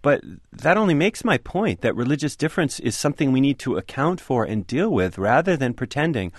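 A man's voice: mid-range voice, sing-song, a little fast, hardly any pauses, dry recording, clean studio sound. A man being interviewed about his book, making his case earnestly with emphatic repetition. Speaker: author and guest. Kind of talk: radio interview discussion.

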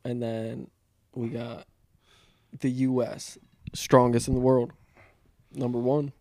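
A man's voice: medium pitch, monotone, slow pace, a little mellow, no room sound, clean studio sound. Rambling, profane young man on a podcast. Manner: rambling, profane, acts out quotes in goofy voices. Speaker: podcast co-host. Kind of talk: casual podcast chat.

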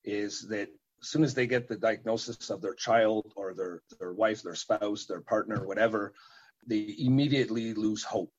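A parent and event organizer answers interview questions haltingly, with many fillers and repeated words. His voice is lowish and slightly rough, captured in dull lo-fi sound.

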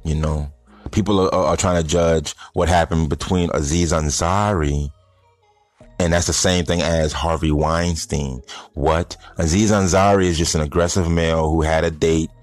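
A man's voice: extremely low pitch, steady tone, moderate pace, no room sound, soft background music. A man giving a blunt, rambling, casual opinion monologue to his audience of stoners. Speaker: vlogger addressing stoner audience.

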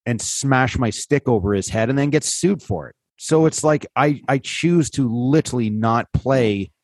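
A man's voice: medium pitch, moderate pace, dry recording. Blunt teasing podcast guy, cusses freely, dry close mic. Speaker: podcast co-host. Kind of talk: casual chat.

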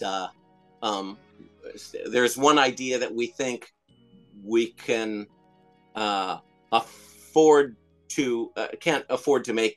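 A man's voice: mid-range voice, fairly bright tone. Middle-aged male interviewee, chatty and meandering, lots of fillers, faint music behind. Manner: rambling, hesitant, many fillers and restarts. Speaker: interviewee, comedian and songwriter. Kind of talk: casual interview storytelling.

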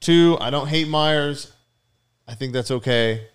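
A man's voice: on the high side, measured pace, clear, resonant tone. A man co-hosting a casual sports podcast, joking, swearing and steering the questions. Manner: profane, joking, steers the segment. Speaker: podcast co-host.

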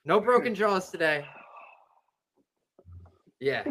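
A man's voice: a little high, expressive, slow pace, pauses often, a bit bright, a little hiss or hum, poor audio. A man hosting a sports podcast, telling a story. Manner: rambling storytelling with many fillers. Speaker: podcast host. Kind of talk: casual sports chat.

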